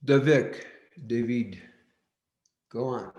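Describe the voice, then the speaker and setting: A man leading an online workshop, speaking in a deliberate, directive way and often repeating his key points. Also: medium pitch, darkish tone. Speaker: workshop teacher. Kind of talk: live online teaching session. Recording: roomy echo.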